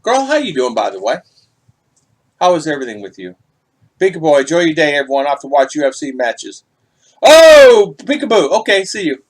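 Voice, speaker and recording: A man's voice: on the high side, wildly swooping pitch, normal speed. A middle-aged man hosting a casual livestream, chatting and greeting viewers in the chat by name. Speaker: vlog host reading live chat.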